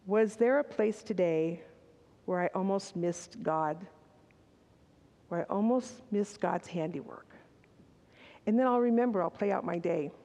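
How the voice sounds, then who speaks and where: Older woman, conversational sermon, mellow voice, candid asides, long hall echo. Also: mid-range voice, measured pace, long pauses, highs cut off. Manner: candid, personal, with asides and restarts. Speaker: speaker at a church service. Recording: long reverb in a large hall.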